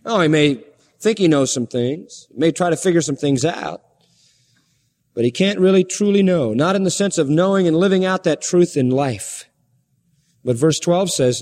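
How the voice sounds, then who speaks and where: A man preaching a sermon with emphasis, firing rhetorical questions and shifting his pace from slow to quick. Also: a little high, a little mellow, big-room sound.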